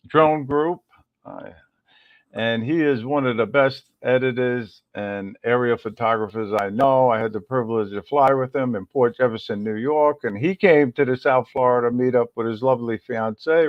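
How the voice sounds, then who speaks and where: A man's voice: fairly high pitch, no echo, muffled recording. A man hosting a casual livestream, rambling and greeting viewers in the chat one by one. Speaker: livestream host.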